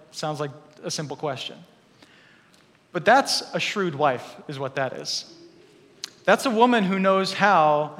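High-voiced, animated man preaching. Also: long reverb tail. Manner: animated, joking asides to the congregation. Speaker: pastor. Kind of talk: sermon. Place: church hall.

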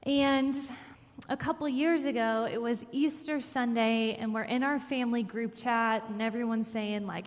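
A woman's voice: fairly high pitch, measured pace. A woman preaching a sermon, telling a personal story in an earnest way that builds to emphatic scripture reading. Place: church sanctuary. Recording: long hall reverb.

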